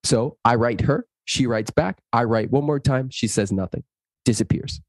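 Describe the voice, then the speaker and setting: A man's voice: medium pitch, no room sound. A man, a guest in an interview, telling stories animatedly and speaking in an earnest, inspirational way. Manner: animated, acts out dialogue in stories; slow, earnest inspirational delivery. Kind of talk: interview storytelling.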